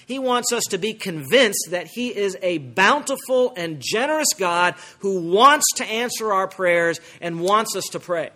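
A man preaching a sermon, explaining a Bible passage verse by verse, asking the congregation rhetorical questions and swinging between emphatic highs and soft lows. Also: animated, measured pace, hardly any pauses. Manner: emphatic, wide swings in pitch and loudness. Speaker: pastor.

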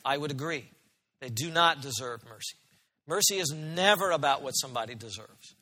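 A man's voice: a little high, expressive, moderate pace, pushed and bright, big-room sound. A man preaching a sermon as pastor, earnest and emphatic, often asking his listeners questions.

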